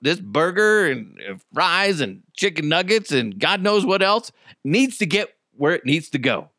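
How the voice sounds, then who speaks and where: A man's voice: a little high, very animated, unhurried, bright, forceful tone, clear, resonant tone, dry recording, studio quality, voice pushed up, full character voice. A man voicing a brash, foul-mouthed female robot delivery driver who defiantly brushes everyone off. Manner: defiant, crude, dismissive.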